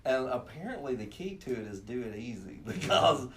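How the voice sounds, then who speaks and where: A man's voice: medium pitch, big pitch swings, moderate pace, a bit bright. A man guest in a casual podcast chat, telling stories in an easygoing, amused way. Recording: slightly distant from the mic.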